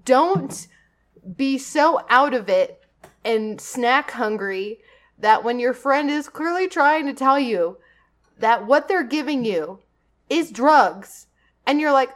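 A young woman in casual chat, animated and profane, often laughing as she talks. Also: sits high, takes it slowly.

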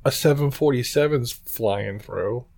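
A man co-hosts a podcast in relaxed conversation. He rambles, apologizes and laughs his way through explanations. His voice sits at an average pitch. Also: measured pace, vocal fry. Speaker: podcast co-host and editor. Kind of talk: casual chat.

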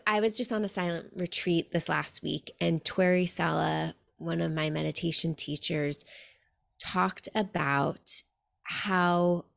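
A woman's voice: on the low side, creaky. A woman podcast host and meditation teacher, talking in an earnest storytelling way with many "like"s. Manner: earnest, warm-hearted storytelling with frequent "like". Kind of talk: podcast conversation.

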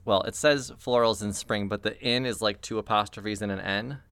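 A man narrating a tabletop game as game master, matter-of-fact and deadpan. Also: lowish voice, normal speed, smooth, dry recording.

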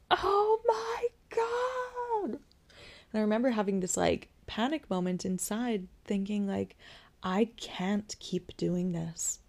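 A young woman hosting a podcast, candidly telling a personal story with whispered asides and soft laughs. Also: on the low side, vocal fry. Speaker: podcast host sharing her birth story.

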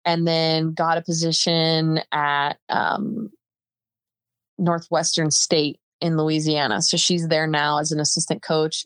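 A young woman with a low voice talks as a podcast guest, chatty and quick, with a lot of "like" and "um". The recording is close and dry. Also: clear, resonant tone, no room sound. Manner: chatty, fast bursts with many fillers. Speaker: podcast guest, softball player. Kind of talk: casual interview chat.

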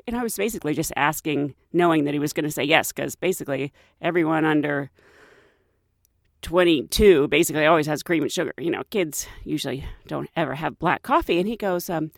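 A woman who works as a flight attendant, telling work stories in a casual, animated way and often laughing. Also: low-pitched, a little fast, no room sound, clean studio sound. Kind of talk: casual storytelling.

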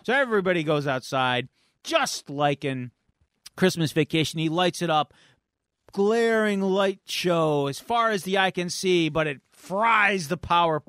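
A male podcast host with a slightly high voice, telling a story with lively, playful energy. The recording is dry and close. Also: measured pace, no room sound. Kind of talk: casual chat, retelling a comic.

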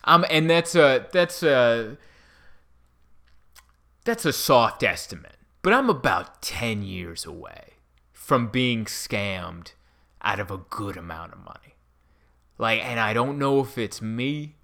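A man in his mid-thirties telling a story in a rambling, self-mocking way, with animated bursts. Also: mid-range voice, takes it slowly, gravelly. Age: 30s. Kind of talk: casual storytelling monologue.

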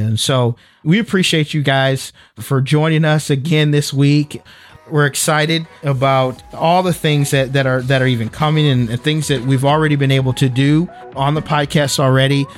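Speaking in a mid-range voice, a man co-hosting a faith-based podcast is earnest and emphatic, repeating words and restarting often. It's a dry, clean studio recording.

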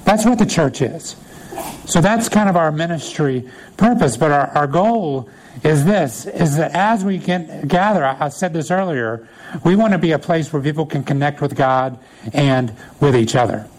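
Animated conversational male pastor. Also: a little high, normal speed, rough recording. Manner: conversational, animated, laughs at own stories. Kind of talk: casual storytelling sermon.

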